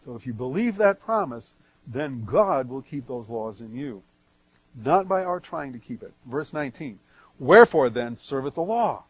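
A man preaching verse by verse, reading scripture aloud and then explaining it, with strong swings between loud and soft. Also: mid-range voice, big pitch swings, moderate pace, husky, dry recording, rough recording. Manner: emphatic swings in loudness. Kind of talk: verse-by-verse Bible teaching.

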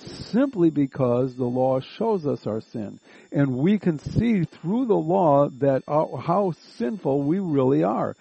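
Male Bible study teacher, mellow timbre, methodical reader who rephrases as he explains; dull, dry lo-fi recording. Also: fairly high pitch, animated, slow pace, gravelly, breathy edge, dry recording. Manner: methodical, rereads and rephrases passages. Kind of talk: Bible study lesson, reading and explaining a text.

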